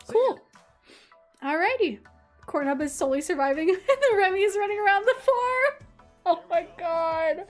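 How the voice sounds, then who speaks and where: Bubbly high-voiced woman streamer. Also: sing-song, unhurried, faint music behind. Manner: bubbly, giggly, chatty, reads game text aloud. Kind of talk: casual let's-play chat with chat.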